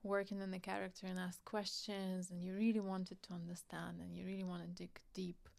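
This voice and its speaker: A woman co-hosts a casual podcast chat, speaking hesitantly with many fillers and warm compliments. Her voice has a gravelly, fried edge. The sound is close and dry. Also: lowish voice, monotone, a little fast, no echo. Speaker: podcast co-host, filmmaker.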